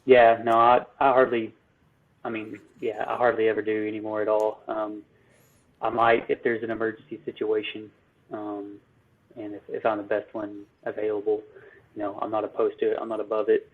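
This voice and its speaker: A husky man explains his trade in halting, casual answers, his voice low and flat. He restarts sentences often and fills gaps with ums. The sound is narrow and thin, like a phone line. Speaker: electrical business owner, guest.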